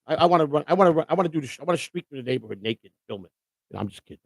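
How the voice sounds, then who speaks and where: A man's voice: fairly high pitch, lively intonation, very fast, gravelly, a little mellow, breathy edge, no echo. A man hosting a live stream in casual chat, overjoyed and near tears, talking emotionally with lots of stammering and repeated words.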